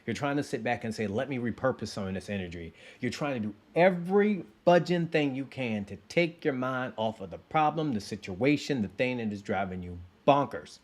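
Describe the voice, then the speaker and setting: A man in his thirties telling a casual personal story to his listeners, animated and playing out his own inner voice. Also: mid-range voice, fairly quick, hardly any pauses. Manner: animated, acts out sounds and inner voice. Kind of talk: casual anecdote told to listeners.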